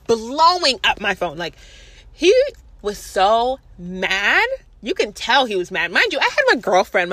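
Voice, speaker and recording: Young woman, casual storytime, bright voice, lively swooping pitch, dry close sound. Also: dry recording. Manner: animated, profane, acts out others' voices.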